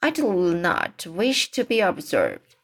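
A woman's voice: on the low side, huge pitch swings, slow, vocal fry, husky, full character voice. A woman reading the lines of a proud, indignant male cock swan who complains stiffly in a storybook.

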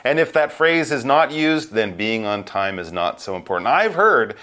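Patient man explaining words, lively pitch. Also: normal speed. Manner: clear, patient teacher delivery with acted example quotes. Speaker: co-host of an English lesson podcast. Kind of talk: explaining vocabulary for learners.

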